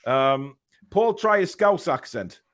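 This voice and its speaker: A man's voice: a little high, big pitch swings, slow, a bit bright. Chatty man reading live chat. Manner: rambling, chuckling, lots of ums and uhs. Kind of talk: casual chat.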